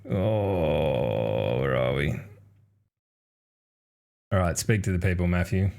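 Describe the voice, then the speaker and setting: Australian man, podcast host, lively swinging pitch, crude teasing banter, laughs a lot. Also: slow, creaky, pauses often. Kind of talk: casual chat.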